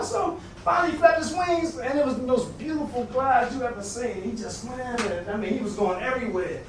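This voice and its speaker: A man casually telling a story out loud, acting out the characters with sudden jumps in pitch and shouts. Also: a little fast, hardly any pauses. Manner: animated, acts out quotes with big pitch jumps and shouts. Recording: very echoey room, recorded from a distance.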